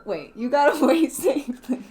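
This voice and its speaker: A woman's voice: sits high, sing-song, moderate pace, darkish tone. A woman co-hosting a gaming stream, chatting casually with teasing, joking banter. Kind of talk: casual chat while gaming.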